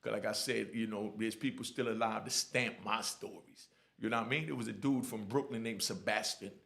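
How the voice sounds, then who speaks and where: A middle-aged man telling his own prison stories in blunt, lively street talk, often asking "you know what I mean". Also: lowish voice, a little fast, gravelly. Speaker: storyteller sharing prison stories. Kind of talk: casual storytelling.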